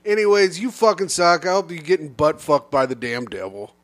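A man with a slightly raised pitch rants his way through comedic banter. He is brash and profane, swearing freely while mocking his targets. His jokes land as loud, over-the-top outbursts. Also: brisk. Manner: brash, profane, mock-ranting. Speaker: podcast co-host.

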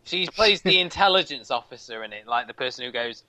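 A man's voice: on the high side, animated, quick pace, pushed and bright, no room sound. A man co-hosting a TV review podcast, making dry jokes and insisting on his point. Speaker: TV reviewer co-host. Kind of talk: casual chat reviewing TV.

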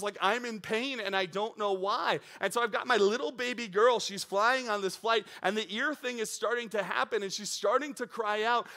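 Man in his thirties, preacher, high voice, bright and tense tone, animated delivery. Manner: animated, builds from calm teaching to excited storytelling. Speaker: pastor. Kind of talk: sermon.

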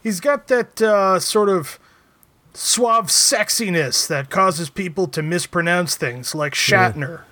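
A man's voice: high-pitched, animated, slow, sharp tone, no echo. A man in casual podcast chat making wry, dry remarks. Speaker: podcast co-host.

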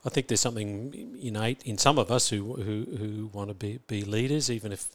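A man's voice: lowish voice, fairly even intonation, brisk. A middle-aged Australian man, a school principal, talking thoughtfully in an interview with many restarts and repeated words. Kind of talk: reflective interview talk.

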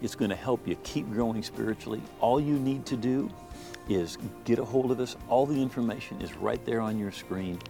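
A male pastor calmly addressing viewers, inviting them to pray along. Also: medium pitch, moderate pace, creaky, over music. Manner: calm, direct address to the camera. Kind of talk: closing prayer invitation to viewers.

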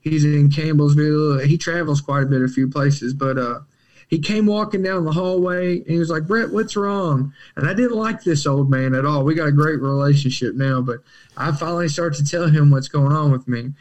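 A man's voice: on the high side, a little fast, a little mellow. A young man, a podcast guest animatedly telling his recovery story, acting out quotes and laughing often. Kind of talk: storytelling in casual conversation.

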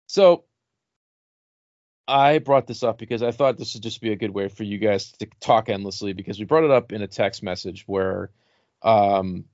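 A middle-aged man with a lowish voice hosts a loose podcast conversation, drifting between stories and swear words. The sound is dry and a bit dull, like a cheap home podcast setup. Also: dry recording. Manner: rambling, swears freely, laughs at own jokes. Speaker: podcast host. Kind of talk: casual podcast chat.

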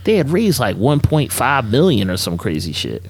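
A man co-hosting a podcast in casual chat, relaxed and slangy with many fillers. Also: medium pitch, moderate pace, husky. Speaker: podcast co-host.

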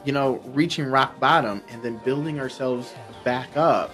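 A man's voice: medium pitch, normal speed, a bit bright. A man with a mid-range voice explains spiritual ideas earnestly and leans on fillers as he talks. Faint music sits behind him. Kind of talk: casual spiritual discussion.

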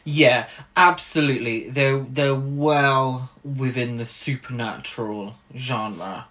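A man co-hosting a film podcast, talking casually with frequent pauses and ums. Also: medium pitch, bright, forceful tone. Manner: hesitant, many ums. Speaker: podcast co-host.

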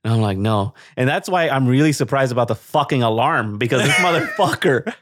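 A young man co-hosting a podcast in casual chat, joking and teasing and quick to laugh. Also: medium pitch, animated, a bit bright, no room sound, clean studio sound. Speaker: podcast co-host. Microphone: podcast studio mic.

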